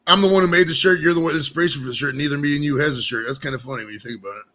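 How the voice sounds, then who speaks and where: A man co-hosting a casual chat, telling stories quickly and calling his friend "bro". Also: fairly high pitch, pushed and bright. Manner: quick storyteller, says "bro" often.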